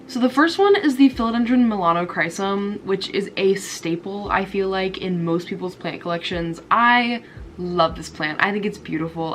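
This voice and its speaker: A woman's voice: fairly low pitch, a bit bright, slight background noise. A young woman vlogging about her houseplants, chatty and gushing, with a stuffy nose from a cold. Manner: chatty and gushing, frequent "like" and laughs. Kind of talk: casual chat to camera.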